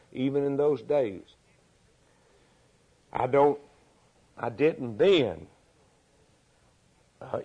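An older man preaching a sermon as pastor, moving from loud, high preaching to quiet storytelling. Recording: dull lo-fi recording.

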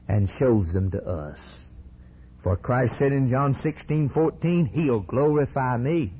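A man preaching a sermon with passion, swinging from hushed lines to soaring cries. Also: medium pitch, breathy edge, lo-fi sound.

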